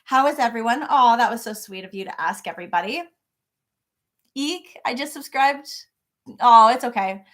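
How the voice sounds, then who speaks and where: Middle-aged woman, slightly high voice, bubbly live-stream host chatting from her home office. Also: expressive, normal speed, a bit bright. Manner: bubbly, greets viewers by name. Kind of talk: casual live-stream chat.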